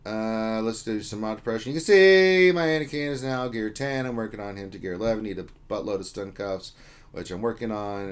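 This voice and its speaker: A man hosting a casual livestream, reading out chat names and greetings in a loose, joking way. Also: lowish voice. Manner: reads chat names aloud, jokey and loose. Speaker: livestream host.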